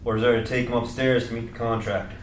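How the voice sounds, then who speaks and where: A man's voice: medium pitch, flat delivery, quick pace, natural voice. A man playing a curt, menacing government agent in a screenplay reading. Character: hostile male government agent. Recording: roomy, distant, noisy.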